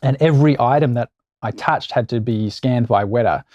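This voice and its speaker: An Australian actor guest telling anecdotes in a casual interview, animated and acting out quoted voices. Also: male voice, medium pitch, moderate pace, no room sound, dull audio.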